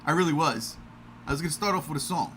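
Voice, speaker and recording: A man hosting a podcast livestream in a casual, energetic, self-mocking way. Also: fairly high pitch, fast talker, slight background noise. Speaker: podcast host.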